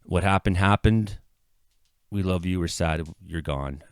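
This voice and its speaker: A middle-aged man from Canada, a local weather vlogger, giving an earnest, halting apology that swells into impassioned outbursts. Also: low voice, clean tone, no room sound, studio quality. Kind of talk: emotional apology monologue. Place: his home.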